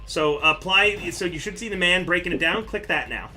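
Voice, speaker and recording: Brief: male game master, high and very bright voice, laughs a lot while narrating. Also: normal speed, faint music behind. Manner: animated, laughs often between rules explanations. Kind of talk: running a tabletop game on a live stream.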